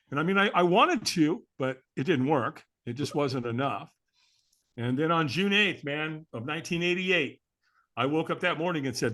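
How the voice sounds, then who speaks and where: Male guest telling a candid personal story; bright, slightly high voice, earnest delivery. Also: animated, normal speed. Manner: earnest, candid, often adds "man".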